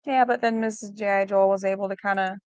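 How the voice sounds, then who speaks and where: A woman's voice: medium pitch, fairly even intonation, fast talker, no room sound. A woman co-hosting a casual livestream, chiming in with brief teasing remarks. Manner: brief teasing interjections, laughing. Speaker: livestream co-host. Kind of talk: casual chat.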